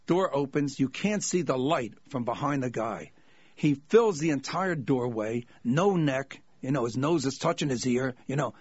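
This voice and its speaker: A male comedian telling anecdotes in an animated way, acting out the people in his stories. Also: mid-range voice, normal speed, slightly rough, no room sound, dull audio. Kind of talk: anecdotal storytelling.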